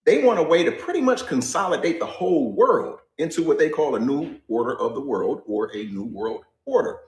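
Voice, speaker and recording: A man's voice: fairly high pitch, expressive, brisk, reverberant. A man ranting bluntly and casually, swearing as he builds his point. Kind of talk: casual rant. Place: garage.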